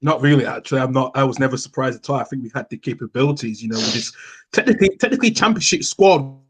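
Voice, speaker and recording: A man's voice: medium pitch, fast talker, breathy edge. A man talking casually as a football podcast guest, confident and opinionated. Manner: confident, opinionated, sometimes repeats words. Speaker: podcast guest, Leeds fan.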